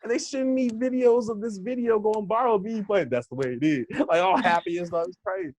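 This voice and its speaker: A man's voice: high voice, fairly quick, dry recording. Young american guy from LA telling stories, slips into voices for people he quotes, laughs a lot, dry close sound. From Los Angeles. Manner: animated storyteller who acts out quoted voices, laughs often. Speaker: interview guest, hip hop instructor. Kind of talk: casual interview storytelling.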